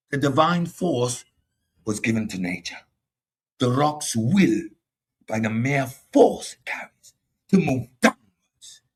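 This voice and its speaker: A man's voice: mid-range voice, slightly rough. A man with a Caribbean accent hosting a combative philosophy monologue, boastful and mocking toward his audience. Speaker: host.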